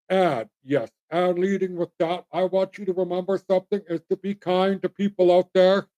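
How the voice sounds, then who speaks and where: A man's voice: high-pitched, fairly even intonation, moderate pace, mellow. A middle-aged man from Canada hosting his own show, rambling bluntly and folksily as he talks straight to his viewers. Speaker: host. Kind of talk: opinionated solo commentary.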